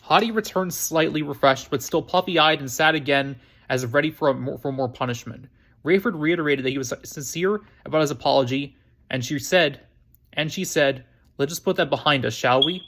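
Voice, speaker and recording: A man hosting a storytime channel, reading a novel aloud in a plain, unhurried way with frequent restarts. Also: fairly high pitch, fairly bright tone. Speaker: storytime channel host, book reader.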